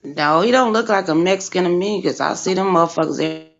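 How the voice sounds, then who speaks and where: A woman's voice: fairly low pitch, quick pace. A woman calling in to a livestream, chatting in a blunt, matter-of-fact way. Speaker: guest caller. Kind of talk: casual chat on a livestream. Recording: muffled lo-fi call audio.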